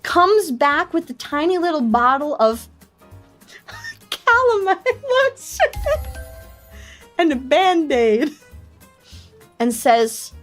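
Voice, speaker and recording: A woman's voice: high-pitched, slow pace, faint music behind. A woman streamer casually telling a story to her chat, laughing often and acting out the voices of panicked people. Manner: shrieks when quoting panicked people.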